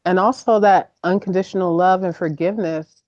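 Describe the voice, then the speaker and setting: A woman's voice: fairly low pitch, steady tone, fairly quick, a little mellow, dry recording, muffled recording. A woman guest in a casual conversation, speaking candidly and filling her speech with "like". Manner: candid, says "like" a lot.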